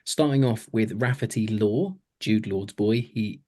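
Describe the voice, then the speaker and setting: A man's voice: fairly low pitch, unhurried, warm tone. A man co-hosting a podcast, reviewing a TV series in casual, enthusiastic chat full of fillers. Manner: chatty, filler-heavy, enthusiastic. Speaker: podcast co-host.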